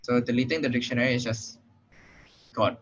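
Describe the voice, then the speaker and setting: A young man with a Singaporean English accent teaches programming in an online class, speaking fairly quickly in a steady, mid-range voice. He explains casually with lots of fillers and "right?" check-ins and is slightly out of breath. The muffled, lo-fi call audio carries slight background noise.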